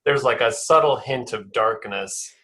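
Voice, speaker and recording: A man's voice: medium pitch, measured pace, bright, forceful tone. A man co-hosting a podcast, chatting casually and making jokes. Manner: chatty, jokey. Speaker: podcast co-host. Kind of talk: casual chat.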